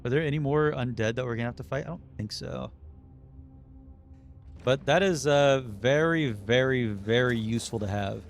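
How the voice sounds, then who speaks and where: A man's voice: medium pitch, normal speed, faint music behind. A man casually thinking aloud while live streaming a video game, his throat getting a little sore. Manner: relaxed, muttering and thinking aloud while playing.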